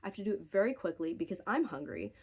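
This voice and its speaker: A woman's voice: lowish voice, very animated, fast, darkish tone, slightly rough. A young woman talks straight into her phone from her bedroom in an unscripted, rambling rant. She interrupts herself often and drifts into wry asides before pulling back on track. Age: young adult. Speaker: vlogger. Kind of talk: unscripted casual rant to camera. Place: bedroom at home. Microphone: phone camera.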